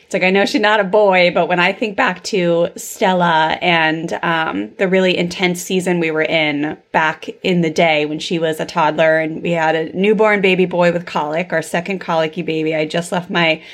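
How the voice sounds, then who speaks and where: A woman in her thirties hosting a podcast tells a personal story in a casual interview chat, chatty and packed with fillers like "like" and "super." Her voice is on the low side, with fairly even intonation, a moderate pace, and hardly any pauses.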